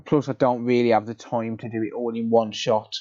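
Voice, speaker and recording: On a live repair stream, a man with a mid-range, level, dark-toned voice chats briskly, answering viewers and explaining steps matter-of-factly with lots of ums. The sound is lo-fi.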